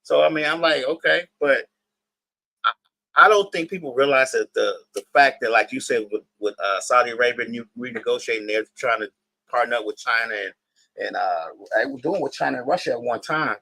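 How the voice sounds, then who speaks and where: A man's voice: mid-range voice, fairly quick, gravelly, bright, forceful tone, dry recording, rough recording. A man co-hosting a casual podcast, adding short agreements and laid-back explanations. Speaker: podcast co-host.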